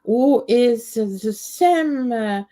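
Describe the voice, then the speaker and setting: A woman from France with a French accent, hosting a live stream in English, her second language. She talks haltingly and searches for words. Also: fairly high pitch, animated, dark tone.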